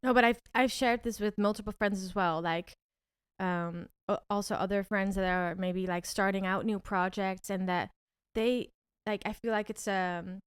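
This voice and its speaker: A woman's voice: medium pitch, steady tone, clean tone, no echo, clean studio sound. Tearful woman on the verge of crying. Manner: tearful, halting, many fillers and restarts. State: on the verge of tears. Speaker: podcast co-host. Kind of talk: emotional casual chat.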